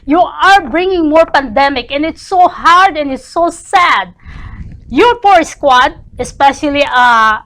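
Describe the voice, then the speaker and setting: Indignant high-voiced woman ranting. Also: lively intonation, unhurried, fairly bright tone. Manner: passionate, indignant, repetitive. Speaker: talk show guest. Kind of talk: heated political opinion.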